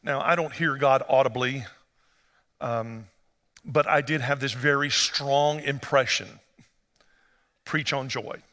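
A man preaching a sermon as pastor, conversational and storytelling, rising to animated emphasis. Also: mid-range voice, slow pace, pauses often, long reverb tail.

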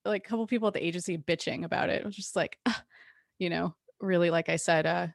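A woman guest telling a personal story candidly, animated and frank, with restarts and the odd curse word. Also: on the low side, fast, creaky, no echo, studio quality.

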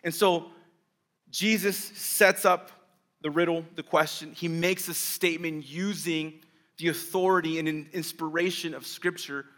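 Guy preaching a sermon, kinda high bright forceful voice, keeps asking the crowd questions. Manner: explanatory, asks the congregation rhetorical questions. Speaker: pastor.

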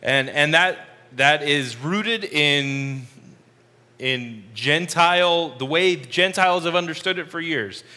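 Slow, bright-voiced Bible study teacher, man. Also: fairly high pitch, in a large hall. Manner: slow, deliberate explaining with repeated phrases.

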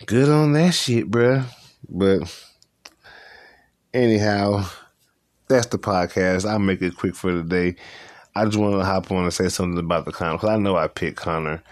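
A young man with a very low voice hosts a casual solo podcast. He talks loosely and slangily and circles back over his own points. The sound is dry and close to the mic, with no room echo. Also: steady tone, moderate pace, long pauses. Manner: loose, slangy, repeats himself. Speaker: podcast host. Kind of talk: casual solo podcast chat about fights.

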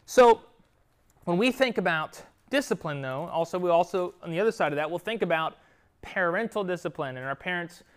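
A man's voice: high voice, animated, a little fast, clean tone. A man with young children, teaching an interactive Bible lesson to a youth group and often checking in with "right?" and "okay?". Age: adult with children.

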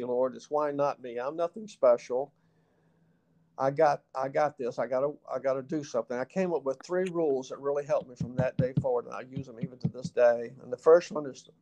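A middle-aged man with a Southern accent, telling a personal story as an interview guest in a folksy way and acting out the dialogue. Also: medium pitch. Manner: folksy, animated, acts out quoted dialogue.

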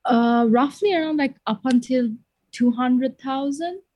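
A young woman from Sri Lanka talks easily as a podcast guest. Her chat is relaxed and unhurried, and she drops in small laughs now and then. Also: high-pitched.

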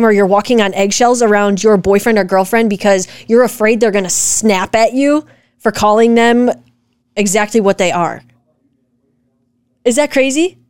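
A woman co-hosting a casual chat with her husband, talking in an animated, direct and profane way as she argues her point. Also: medium pitch, normal speed, clear, resonant tone, no room sound, clean studio sound. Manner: animated, direct and profane, rants with rising emphasis. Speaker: co-host, wife. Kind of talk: casual podcast chat reacting to comments.

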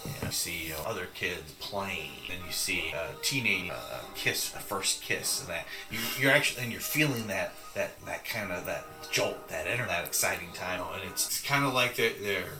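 A man's voice: low-pitched, moderate pace, few pauses, roomy sound, music in the background. A man running a tabletop game as game master, narrating in a loose, rambling way with plenty of restarts and fillers.

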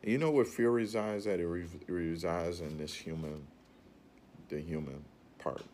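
A man's voice: low-pitched, normal speed, darkish tone, a little hiss or hum. A man giving an earnest, rambling motivational talk about facing fear, often repeating his phrases.

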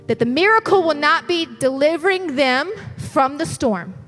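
Woman preacher, high voice, urgent and passionate delivery, faint music underneath. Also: lively intonation, moderate pace, few pauses. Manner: passionate, urgent, repeatedly says "listen". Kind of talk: sermon.

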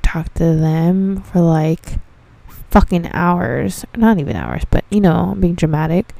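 Dark-voiced woman telling profane work stories. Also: fairly low pitch, no room sound. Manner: profane, laughing, exasperated storytelling. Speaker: dispensary receptionist. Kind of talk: casual storytelling monologue.

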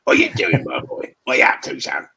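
A man's voice: quick pace, bright, forceful tone, close to an everyday voice. A man doing an impression of a cheery male friend from London, with a Cockney accent, calling out heartily. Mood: hearty.

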